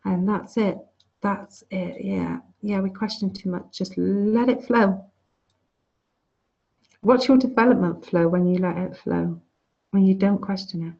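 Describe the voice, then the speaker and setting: Woman course teacher, frank casual lecturer, dark warm tone, lo-fi call sound. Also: medium pitch, measured pace, gravelly. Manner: chatty, frank, restarts phrases. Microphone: video call. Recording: dull lo-fi video call audio.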